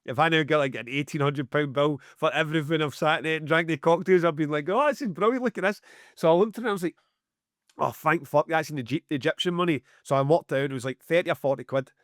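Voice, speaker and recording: A man's voice: on the high side, quick pace, dry recording, clean studio sound. Scottish man, sweary raised voice. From Scotland. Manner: animated, heavy swearing, acts out dialogue. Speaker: podcast co-host, music promoter. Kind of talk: casual storytelling chat.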